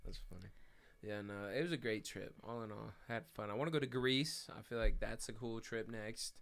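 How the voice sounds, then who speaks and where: A man's voice: fairly low pitch, brisk. A man co-hosting a podcast in casual chat, telling stories loosely and swearing constantly. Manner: profane, animated storytelling. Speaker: podcast co-host.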